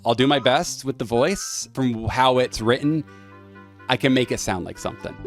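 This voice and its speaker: A man's voice: medium pitch, normal speed, over music. A man with an American accent giving casual, rambling commentary on a game he is playing. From United States. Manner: chatty, rambling, lots of "like". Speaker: let's-play host.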